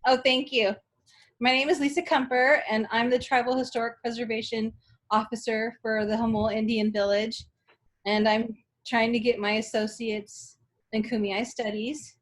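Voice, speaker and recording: A woman's voice: fairly high pitch, flat delivery, normal speed. A woman in her forties, from San Diego, introducing herself as a student in an online class, friendly and a little nervous. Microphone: video call.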